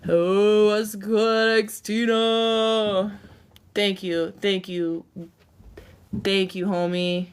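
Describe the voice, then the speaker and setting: Slow-talking woman chatting on a livestream. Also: mid-range voice, little pitch movement, clean tone. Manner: chatty, often laughing, talking to viewers. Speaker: livestream host. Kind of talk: casual livestream chat.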